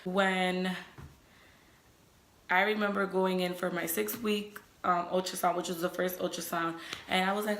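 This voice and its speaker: A young woman tells a personal story in a loose, chatty way, scattering "like" and "you know" through her sentences. Her voice sits a little low for a woman, and the room around her is echoey. It sounds like a relaxed, one-person vlog. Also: unhurried, pauses often, slight background noise. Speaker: vlogger. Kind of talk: casual storytelling.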